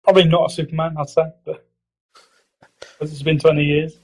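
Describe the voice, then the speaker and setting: Man, podcast host, casual chat, giggly, rambling, husky, slightly high voice. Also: little pitch movement, fairly quick. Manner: giggly, rambling, swearing, does mock impressions. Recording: low-quality audio.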